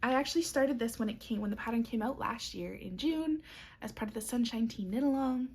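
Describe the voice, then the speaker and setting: A woman's voice: fairly high pitch, a little fast, darkish tone, slightly rough. A young woman talking casually to camera as a knitting vlogger, upbeat and chatty with frequent ums and little laughs. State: has the hiccups. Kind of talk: casual chat.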